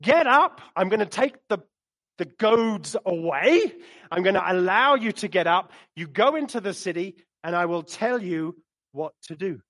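A preacher giving voice to Jesus, commanding. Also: male voice, high-pitched, lively intonation, normal speed, fairly bright tone, exaggerated voice. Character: Jesus, commanding male divine voice.

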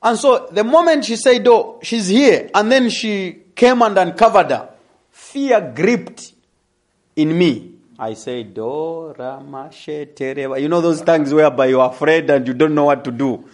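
A young adult man telling a testimony in a sermon, animated and laughing as he tells the story. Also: a little high, measured pace. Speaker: preacher.

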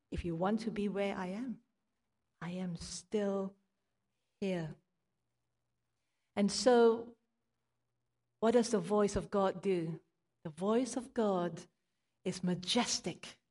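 Woman preaching in an echoing hall. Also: medium pitch. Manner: earnest, reflective storytelling with soft hushed moments. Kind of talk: sermon. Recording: long hall reverb.

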